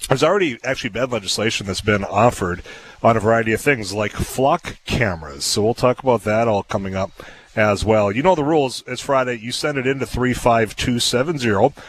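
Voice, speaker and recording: A man's voice: medium pitch, brisk, low-quality recording. Chatty male talk radio host. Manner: chatty storyteller, frequent uh fillers and laughs. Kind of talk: casual talk radio chat. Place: radio studio.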